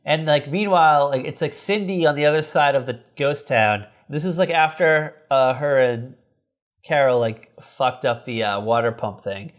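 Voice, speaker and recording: A man co-hosting a podcast, casually recapping an old sitcom episode in a rambling, profane way. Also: moderate pace. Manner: rambling, profane, acts out characters in high voices. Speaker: podcast co-host.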